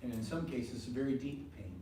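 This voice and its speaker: A man's voice: medium pitch, normal speed, noisy background. A man teaching a faith class in a meeting room, talking conversationally, repeating his points and asking the group questions. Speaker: ministry teacher. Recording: very echoey room from far off.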